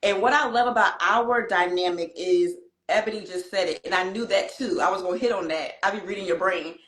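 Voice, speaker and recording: An animated woman co-host speaks with a preacher's lilt about trading and faith. Her voice sits mid-pitch and is recorded in a noticeably echoey room. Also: fairly quick. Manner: excited, preachy, African American Vernacular English phrasing. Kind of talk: casual faith-based trading chat. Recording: roomy echo.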